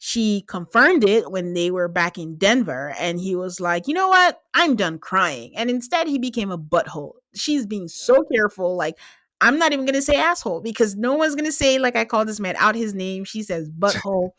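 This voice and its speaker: A woman hosting a podcast, chatting casually about a reality show. She talks in an animated way with quick asides and laughter. Her voice sits at a medium pitch and the sound is dry and close. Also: dry recording. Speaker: podcast host. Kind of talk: casual chat.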